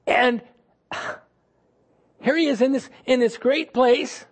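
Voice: sits high, fairly even intonation, takes it slowly, slightly rough. Conversational preacher telling a scripture story. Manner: storytelling, acting out quoted thoughts; conversational, asks the audience questions. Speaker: pastor. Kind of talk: sermon.

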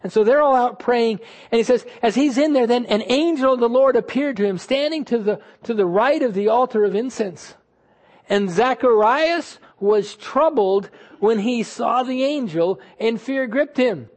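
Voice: medium pitch, moderate pace, darkish tone. Conversational preacher telling a scripture story. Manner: storytelling, acting out quoted thoughts; conversational, asks the audience questions. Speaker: pastor. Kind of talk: sermon.

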